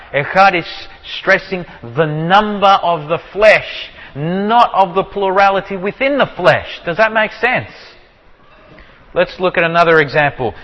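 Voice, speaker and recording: A man teaching from the Bible in sermon style, asking his listeners rhetorical questions and slowing down to stress key phrases. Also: high-pitched, dull audio. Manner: asks the audience many rhetorical questions. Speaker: preacher teaching on scripture. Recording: long hall reverb.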